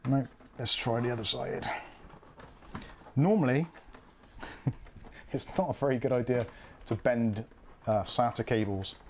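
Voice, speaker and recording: A British man narrates his PC build live at a mid pitch, thinking aloud and poking fun at himself as he works. A faint hiss sits under his voice. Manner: chatty, self-mocking, thinking aloud while working. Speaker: PC build streamer. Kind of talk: casual live commentary.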